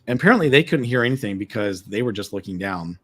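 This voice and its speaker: A man, a former tour guide, telling an excited story on a live stream, repeating words and acting out what people said. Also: on the low side, fast talker, husky. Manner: excited, repeats words, acts out quoted lines. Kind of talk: animated storytelling. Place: remote live stream call.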